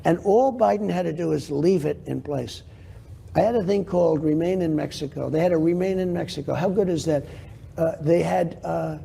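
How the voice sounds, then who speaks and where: An older man gives rambling, boastful answers in a television interview, circling back to repeat his own points. His voice is gravelly and very dark, with a slightly higher pitch than most men. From New York. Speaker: interview guest.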